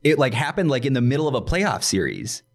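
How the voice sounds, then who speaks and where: A man's voice: mid-range voice, very animated, quick pace, creaky. A man co-hosting a casual basketball podcast, explaining details patiently and peppering his talk with "like". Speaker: podcast co-host. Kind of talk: casual sports chat.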